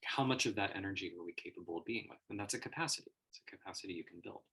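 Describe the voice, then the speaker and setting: Man, low gravelly voice, husky edge, reflective livestream talk. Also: racing, bright, forceful tone. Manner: reflective, searching for words, laughs often. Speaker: personal growth teacher. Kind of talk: livestream monologue.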